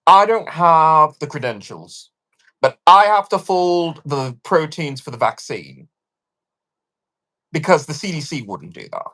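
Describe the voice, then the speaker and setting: A woman livestreaming a casual rant, animated and sarcastic, swearing freely and swinging between loud bursts and hushed asides. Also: low voice, measured pace. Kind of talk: casual live-stream rant.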